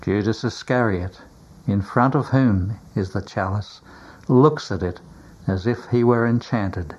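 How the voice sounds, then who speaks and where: A man reading a religious story aloud in a grave, measured manner. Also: lowish voice, a little mellow, breathy edge, dull audio. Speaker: narrator. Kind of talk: scripted religious narration, audiobook reading.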